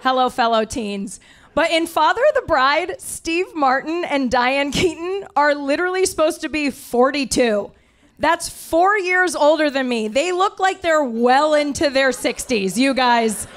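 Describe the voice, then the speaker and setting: A woman's voice: sits high, a little slow. A woman in her late thirties doing improvised stand-up comedy on a club stage, brash, profane and self-deprecating as she riffs on audience suggestions. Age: 30s.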